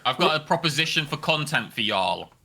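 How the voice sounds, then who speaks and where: A young man co-hosting a casual chat, playful and teasing, and quick to giggle. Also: on the high side, animated, vocal fry, bright, forceful tone. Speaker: podcast co-host.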